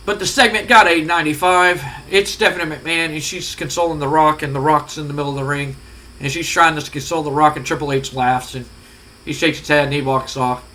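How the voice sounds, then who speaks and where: A high-pitched man with a bright, forward voice talks through a wrestling simulation game. He rambles casually and swears freely as he recaps each match. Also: steady tone, a little fast, rough recording. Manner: rambling, profane, conversational. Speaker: let's play host.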